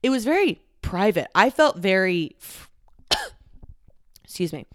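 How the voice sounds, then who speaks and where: A woman's voice: medium pitch, big pitch swings, measured pace, a bit bright, no echo, clean studio sound. A woman in her twenties from the Dallas-Fort Worth area, hosting a casual solo podcast and talking candidly with lots of "like" fillers and some swearing. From Dallas-Fort Worth area, Texas. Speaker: podcast host. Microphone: close studio microphone.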